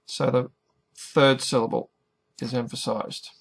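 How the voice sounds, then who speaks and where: Slow, careful male English teacher. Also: medium pitch, steady tone, a bit bright. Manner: careful, over-articulated pronunciation. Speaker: ESL teacher. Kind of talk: slow, deliberate English lesson narration.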